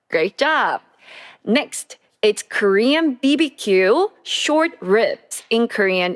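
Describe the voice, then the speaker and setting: Woman teacher for a lesson video, unhurried and clearly articulated, with a lively pitch. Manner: slow, clear teaching with repeated drills. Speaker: Korean language teacher. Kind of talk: scripted language lesson.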